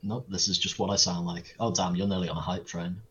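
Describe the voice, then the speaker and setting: A British man with a low, slightly husky voice answers questions in a casual interview with dry, wry humour. His audio sounds a little dull and lo-fi. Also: flat delivery, fast talker, a bit bright. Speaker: podcast guest, streamer.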